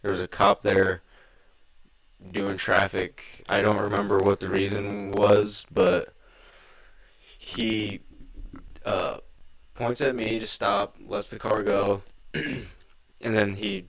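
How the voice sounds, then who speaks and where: A young man, a guest in a casual chat, telling animated stories with laughing and swearing. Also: lowish voice, slow pace, creaky, pauses often, rough recording. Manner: animated, laughing, swearing, raises his voice when quoting himself.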